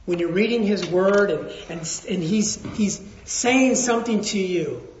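High-voiced man preaching in a roomy space. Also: a little slow, slight background noise. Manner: storytelling, conversational, swings from hushed to raised. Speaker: pastor. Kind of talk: sermon. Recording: roomy, slightly dull sound.

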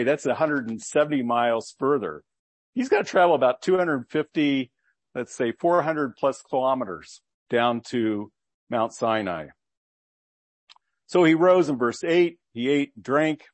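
A man's voice: medium pitch, no echo. A man preaching a sermon, reading scripture aloud and explaining it with earnest rhetorical questions.

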